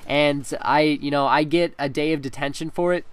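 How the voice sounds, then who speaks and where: With a fairly high, clean voice and fairly even intonation, a teen gaming commentator speaks at a moderate pace with no room sound. He's recounting a school story over gameplay in a chatty style, often laughing and using fillers.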